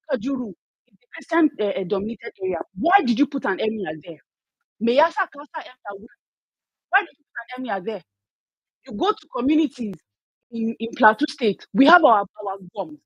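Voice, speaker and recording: Angry Nigerian woman, husky high voice. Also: dry recording. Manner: emotional, angry, with many restarts. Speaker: speaker in an online audio discussion. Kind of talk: impassioned discussion. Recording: dull lo-fi online audio.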